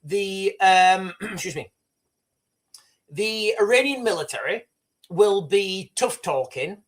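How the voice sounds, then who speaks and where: A man hosting a live news commentary stream, rambling and excitable with many restarts, boastful and opinionated. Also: sits high, slow pace. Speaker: livestream host.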